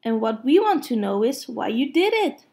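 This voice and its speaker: A woman's voice: a little high, big pitch swings, moderate pace, creaky, a little mellow. A woman doing an earnest little gopher. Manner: matter-of-fact, whispering.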